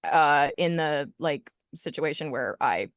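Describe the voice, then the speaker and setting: A tabletop player speaks haltingly, restarting thoughts while describing actions. The sound is dry and close, with no room around it. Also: medium pitch, expressive, fairly bright tone, no room sound. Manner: hesitant, halting, many restarts. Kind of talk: tabletop game play.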